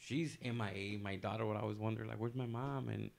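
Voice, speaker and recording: A man's voice: fairly low pitch, fairly even intonation, a little fast, creaky. A man telling a long personal story on a casual podcast, rambling loosely with many fillers and restarts.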